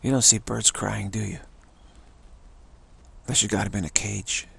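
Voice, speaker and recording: A man's voice: lowish voice, steady tone, moderate pace, gravelly, bright, forceful tone, breathy edge, low-quality recording. A male yoga teacher giving a rambling spiritual talk, emphatic and full of repetition. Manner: emphatic, repeats himself.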